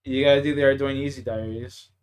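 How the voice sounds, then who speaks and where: Canadian male streamer, casual, profane, quick to get worked up. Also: mid-range voice, clear, resonant tone. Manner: profane, excitable storytelling with laughs. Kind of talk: casual chat while gaming.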